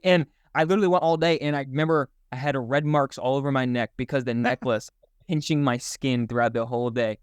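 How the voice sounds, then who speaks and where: Young male comedian, podcast guest, animated storyteller, smooth tone, dry close mic. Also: mid-range voice, quick pace, few pauses, dry recording. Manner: animated, laughs often, rambling storytelling. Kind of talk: casual podcast chat.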